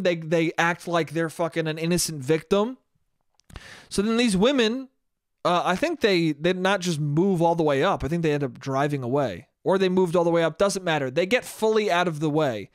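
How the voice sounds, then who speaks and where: Man, podcast host, high-pitched voice, swearing and exasperated, close dry mic. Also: moderate pace, no echo. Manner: profane, exasperated storytelling. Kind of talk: casual solo podcast monologue. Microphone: podcast microphone.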